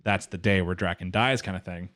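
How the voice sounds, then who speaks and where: Man, podcast co-host, rapid casual rambling, dry close sound. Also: low-pitched, steady tone, a bit bright, no echo. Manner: rambling, lots of fillers, acts out characters' lines. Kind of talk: casual anime recap chat.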